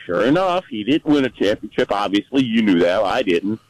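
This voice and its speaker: A man's voice: on the low side, big pitch swings, a little fast, rough recording. A man calling into a sports radio show, rambling and correcting himself as he goes. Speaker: caller. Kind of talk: call-in phone chat.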